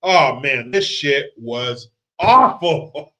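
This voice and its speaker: A man's voice: mid-range voice, lively intonation, extremely slow, bright, forceful tone. A man ranting in a movie commentary, profane, sarcastic and heated. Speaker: movie reviewer.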